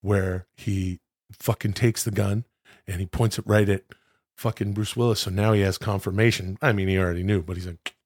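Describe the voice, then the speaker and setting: A man's voice: lowish voice, steady tone, normal speed, darkish tone. A man co-hosting a podcast in casual chat, rambling and acting out movie lines with big jumps in his voice. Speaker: podcast co-host.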